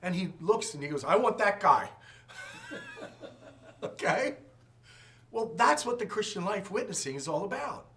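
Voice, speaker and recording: A man teaches a Sunday school class with a slightly high, very lively voice that rises and falls a lot. He tells jokes and acts out little quotes as he talks. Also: moderate pace, long pauses, slight background noise. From from outside the region.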